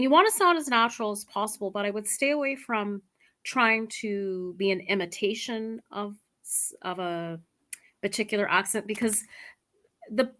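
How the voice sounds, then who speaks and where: Woman, English teacher, bright tone, chatty, laughs easily, heard over a video call. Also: mid-range voice. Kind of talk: online English lesson conversation. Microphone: computer mic on a video call.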